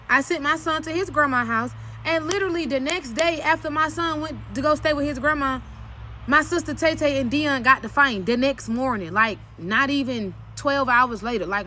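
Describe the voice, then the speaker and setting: A woman's voice: high-pitched, a little hiss or hum. A woman telling a personal story in a candid vlog, blunt and profane, leaping up sharply whenever she quotes herself. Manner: blunt, profane and emphatic, often cursing; animated retelling with sharp jumps when quoting herself.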